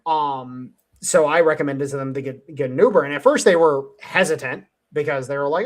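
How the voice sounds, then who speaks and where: Talking briskly with few pauses, this fairly high-pitched host from around Cleveland, USA, leads a relaxed panel conversation on a headset, spinning meandering stories full of profanity and frequent laughter.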